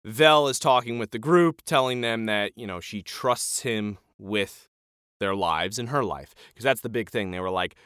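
A man's voice: lowish voice, moderate pace, clear, resonant tone, no echo, studio quality. A man co-hosting a podcast, retelling a TV episode in casual chat and acting out the lines as he goes. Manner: animated retelling with acted-out quotes. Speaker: podcast co-host.

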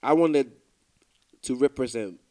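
A man from Nigeria with a Nigerian accent, a musician guest talking casually in an interview, relaxed and rambling with many fillers and restarts. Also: medium pitch, takes it slowly.

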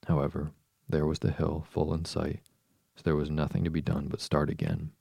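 A man slowly reading a story aloud to lull listeners to sleep. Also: extremely low pitch, vocal fry, slightly rough, dry recording, clean studio sound. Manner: calm, unhurried. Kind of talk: slow bedtime reading.

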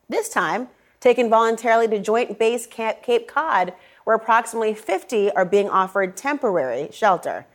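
Middle-aged lady news anchor, a bit high, dry pointed sarcasm, leans on certain words. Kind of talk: evening news commentary.

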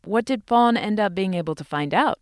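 A woman's voice: mid-range voice, lively intonation, fairly quick. A woman co-hosting a podcast, asking questions and narrating in a conversational way. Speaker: podcast co-host.

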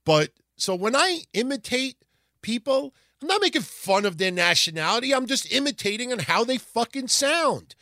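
A man hosting a casual wrestling history podcast, rambling through old results in a profane, animated way. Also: extremely high pitch, normal speed, no echo, clean studio sound. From Italian heritage. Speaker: podcast host.

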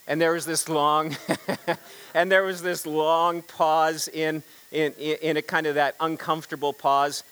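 Male pastor, high voice, conversational sermon with stumbles and audience call-outs. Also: little pitch movement, unhurried, fairly bright tone, clear, resonant tone, poor audio. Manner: storytelling with congregation call-and-response; frequent repeated words and restarts.

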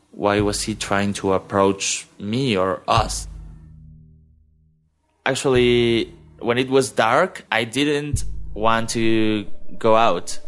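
Slow-spoken man. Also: on the low side, a bit bright, clear, resonant tone. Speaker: storyteller. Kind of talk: personal storytelling.

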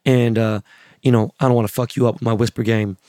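A man hosting his podcast with a hoarse, worn-out voice from yelling, talking casually, bluntly and with lots of swearing. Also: mid-range voice, fairly even intonation, fast talker, no room sound, clean studio sound. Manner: blunt, swears a lot, rambling. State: hoarse, lost voice. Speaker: podcast host. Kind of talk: casual profane podcast monologue.

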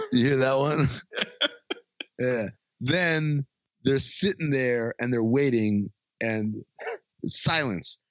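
Animated man recapping a movie. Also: medium pitch, very slow, long pauses, dry recording. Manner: animated, acts out lines in funny voices, laughs often. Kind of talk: casual chat recapping a movie. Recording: dry, dull lo-fi sound.

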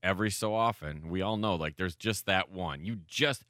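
A man's voice: deep voice, moderate pace, pushed and bright, no room sound, clean studio sound. A man co-hosting a radio talk show, chatting earnestly and agreeing easily. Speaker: show co-host. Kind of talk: casual chat.

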